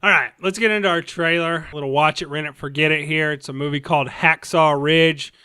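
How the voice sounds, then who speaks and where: A man's voice: fairly high pitch, fairly even intonation, brisk, sharp tone, clear, resonant tone, dry recording, clean studio sound. A man co-hosting a casual movie podcast, rambling with restarts and trailing off. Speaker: podcast co-host.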